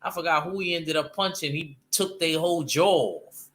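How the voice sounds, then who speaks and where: Man, slightly high pitch, sharp bright tone, animated casual talker who stumbles and restarts. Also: normal speed. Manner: animated, loose slang, frequent restarts. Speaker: panel guest discussing comics. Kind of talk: casual chat.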